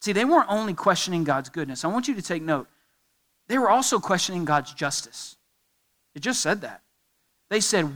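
A middle-aged man preaching a sermon as pastor, animated, with emphatic rising questions and sudden quiet drops. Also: high-pitched, moderate pace, pauses often.

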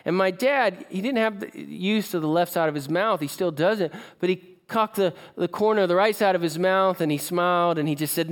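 A man's voice: sits high, big pitch swings, a little fast. A man preaching, telling a personal story in a conversational, emotional way and asking the audience questions. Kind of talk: sermon storytelling.

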